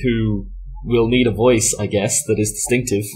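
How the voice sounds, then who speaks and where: A man's voice: fairly low pitch, fairly even intonation, normal speed, very noisy. A man running a tabletop game as game master, self-mocking and laughing often as he narrates.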